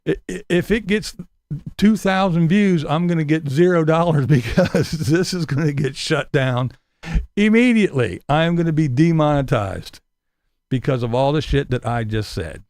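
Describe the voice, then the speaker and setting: A man's voice: fairly high pitch, lively intonation, normal speed, darkish tone, no echo, clean studio sound. A male vlogger delivering a profane, sarcastic, combative rant to camera. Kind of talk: ranting monologue to camera.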